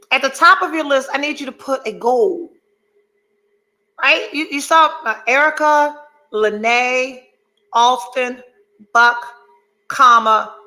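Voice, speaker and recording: A high, bright-toned woman in middle age hosts a podcast in a candid motivational monologue. She talks bluntly and swears freely, hammers her points with emphasis and wanders into asides before coming back to the point. Her voice stays light and ringing throughout. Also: poor audio. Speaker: podcast host.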